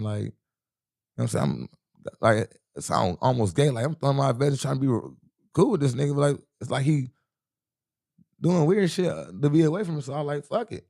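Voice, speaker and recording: Gravelly-voiced man telling a street story. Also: medium pitch, a little fast, mellow. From US Midwest. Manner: profane, rambling, heavy street slang; keeps asking "you know what I'm saying". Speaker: interview guest, rapper. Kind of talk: casual storytelling interview.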